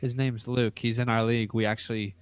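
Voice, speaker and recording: A man's voice: mid-range voice, level tone, brisk, clean tone, dry recording. An American man co-hosting a casual live stream, chatty and reading out viewer questions. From United States. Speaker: podcast co-host.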